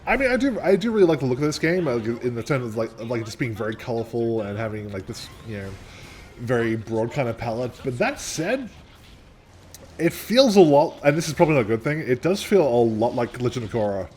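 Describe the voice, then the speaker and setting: A man's voice: medium pitch, lively intonation, brisk, a little mellow, slight background noise. A young man co-hosting a gameplay video, rambling in casual chat, laughing often and swearing casually. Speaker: gameplay co-host. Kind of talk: casual let's-play chat.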